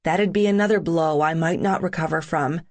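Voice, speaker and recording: A woman's voice: deep voice, normal speed, darkish tone. A woman reads a first-person audiobook aloud. Her narration is dry and wry, with a self-deprecating edge.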